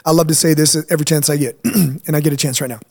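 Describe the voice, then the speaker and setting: Emphatic high-voiced pastor host. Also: male voice, steady tone, fast talker, darkish tone. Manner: emphatic, preachy, leans on "right?". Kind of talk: casual chat.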